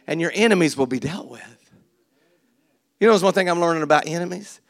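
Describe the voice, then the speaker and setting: A man preaches a lively sermon in a fairly high voice, picked up dry and close on a mic. He swings from loud exhortations to quiet, laughing asides. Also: fast, pauses often, no room sound. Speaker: pastor. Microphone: handheld or stage mic.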